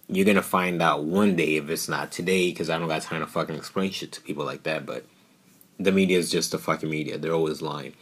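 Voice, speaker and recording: A young man from New York ranting bluntly and profanely on his podcast, animated and outspoken. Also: low voice, breathy edge. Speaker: podcast host. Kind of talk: casual political rant.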